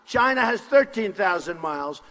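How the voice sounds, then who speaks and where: An older man giving a boastful, repetitive campaign rally speech in short punchy phrases, often shouting to the crowd. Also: sits high, lively intonation, moderate pace. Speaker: political candidate at a rally. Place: large university hall with crowd. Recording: long hall reverb from a live rally.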